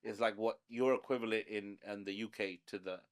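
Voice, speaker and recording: A man with an American accent, his first language Bangla, talks casually as a podcast host. His voice sits a little low. He drifts through stories with fillers and restarts. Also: a little fast, smooth. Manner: relaxed storytelling, many fillers. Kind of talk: casual chat.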